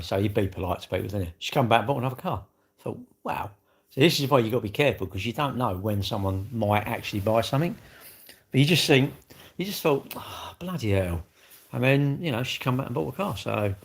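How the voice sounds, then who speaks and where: Brisk and husky with vocal fry, this medium-pitched male livestream host chats casually. He rambles along, cracks self-deprecating jokes and keeps greeting viewers and turning to them with asides.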